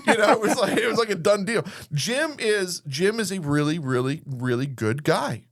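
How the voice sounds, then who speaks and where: A man's voice: high-pitched, animated, moderate pace, few pauses, fairly bright tone. A man hosting a radio interview, telling a casual story and acting out the quoted dialogue in an emphatic way. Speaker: radio show host.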